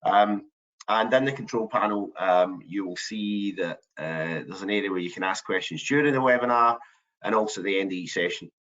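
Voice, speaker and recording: A man's voice: fairly low pitch, normal speed, a bit bright. A man hosting a business webinar, hesitant, with frequent ums and restarts. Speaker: webinar host. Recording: dull lo-fi online call audio.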